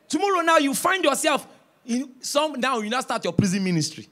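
A man preaching from the pulpit, acting out stories with quoted voices and building to loud, forceful shouts. His voice sits high for a man and swings widely in pitch. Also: quick pace. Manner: storytelling, animated, rising to shouts. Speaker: pastor. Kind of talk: sermon.

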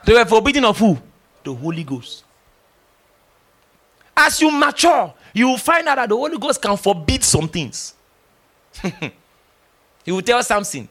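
A middle-aged man preaches with a high, lively voice. He drives his points with emphatic, teasing energy and slips into acted-out dialogue. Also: measured pace, pauses often. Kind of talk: sermon.

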